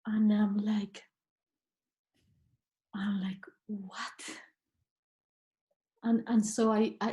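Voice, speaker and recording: A woman, a podcast guest, telling a personal story in casual conversation and acting out what she said back then. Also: a little high. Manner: animated, acts out her own past words.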